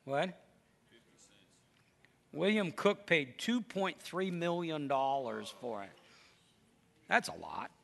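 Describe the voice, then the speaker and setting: A man preaching a lively, emphatic sermon to a congregation. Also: fairly high pitch, slow pace, gravelly, pauses often. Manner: lively storytelling, animated and emphatic.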